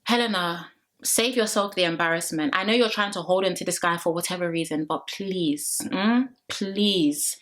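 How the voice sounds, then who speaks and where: A woman's voice: lowish voice, fast, fairly bright tone. A young woman talking casually to her viewers, giving a chatty, dramatic run-down with teasing asides. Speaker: reality TV reviewer. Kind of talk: casual review chat to viewers.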